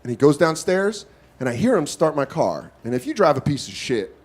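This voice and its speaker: A male stand-up comedian telling a story on stage with animated delivery and wry asides. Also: on the high side, fairly quick. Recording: loud audience laughter in noisy club.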